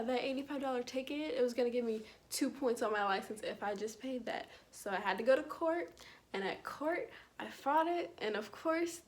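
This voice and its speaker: Young woman vlogger, slightly high voice, casual storytime, lively asides. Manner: chatty, animated retelling with asides and laughs.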